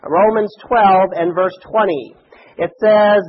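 High-voiced folksy male preacher. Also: fairly even intonation, a little fast, phone-quality sound, a little hiss or hum. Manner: folksy, conversational preaching with asides. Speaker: pastor. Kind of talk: sermon.

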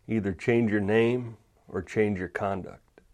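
A man preaching voices a stern ancient male general who demands answers from a soldier, in a low voice. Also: steady tone, a little slow, a little mellow, natural voice. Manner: demanding, interrogating.

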